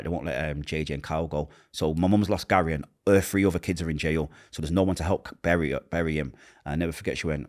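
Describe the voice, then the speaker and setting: Fast-talking low-voiced Manchester man. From Manchester, England. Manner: acts out quoted voices, drops to a hush at painful moments. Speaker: interviewee. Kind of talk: emotional personal storytelling.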